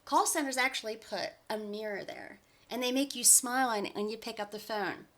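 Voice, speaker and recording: Chatty lady coach in her 40s, bright high voice, upbeat and encouraging. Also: normal speed. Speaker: life coach. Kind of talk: motivational vlog talk.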